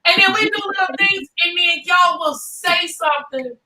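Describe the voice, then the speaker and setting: A woman's voice: very high-pitched, normal speed, bright, forceful tone. A woman co-hosting a casual chat, speaking frankly and emphatically with jokes. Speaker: co-host. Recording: echoey room, distant from mic.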